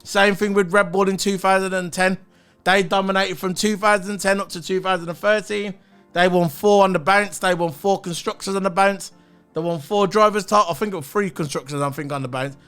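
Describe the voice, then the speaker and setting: A man's voice: sits high, steady tone, brisk, fairly bright tone, clean tone, faint music behind. A man giving a blunt, opinionated solo review of a race, swearing and repeating his points. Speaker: motorsport commentator.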